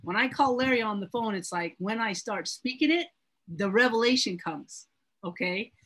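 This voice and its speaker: A woman's voice: medium pitch, lively intonation, moderate pace, fairly bright tone, low-quality recording. A woman teaching a Bible study class in an earnest, emphatic way, often repeating her words.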